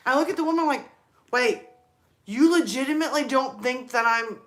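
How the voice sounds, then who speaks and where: A woman's voice: sits high, fairly quick. A woman in her thirties hosting a live stream, chatting casually and rambling through stories about her kids and her mom. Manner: chatty, rambling, animated storytelling.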